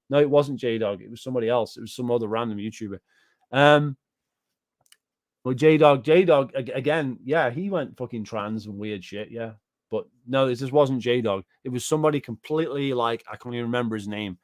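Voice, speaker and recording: A man's voice: medium pitch, dry recording, studio quality. Profane, rambling man. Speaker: YouTuber reacting to chat. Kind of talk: casual ranting livestream commentary.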